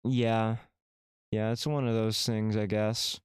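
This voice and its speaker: A man's voice: fairly low pitch, level tone, takes it slowly, smooth, no echo, studio quality. A man streaming a visual novel, reading the game text aloud with casual, wry asides to his chat.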